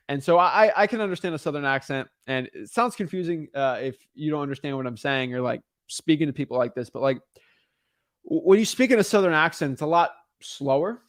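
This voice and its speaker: A man's voice: fairly high pitch, no room sound, clean studio sound. A man teaching real estate wholesaling in a casual monologue, often checking in with "right?" and "okay?" and restarting his sentences.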